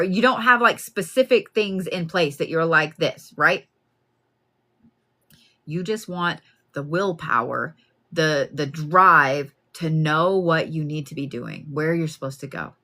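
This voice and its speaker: A woman gives a live card reading. She talks plainly and casually, with animated asides, addressing the listener directly. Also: sits low, a little slow. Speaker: card reader.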